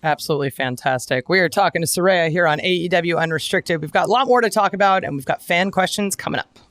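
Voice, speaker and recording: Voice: mid-range voice, fast talker, a bit bright. A podcast host introducing segments and asking a guest questions in an upbeat, presenter-like way. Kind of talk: podcast hosting.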